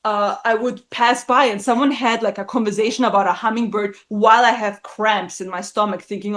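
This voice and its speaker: A woman in her thirties telling a personal story in casual conversation, blunt and animated, swearing often and acting out the people she quotes. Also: brisk. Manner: acts out quoted voices with big pitch jumps. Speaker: guest. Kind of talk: casual chat.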